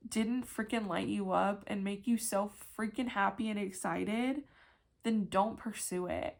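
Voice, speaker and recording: A woman's voice: mid-range voice, gravelly. A young woman giving a casual pick-a-card tarot reading, chatty and emphatic, full of "like" and casual swearing.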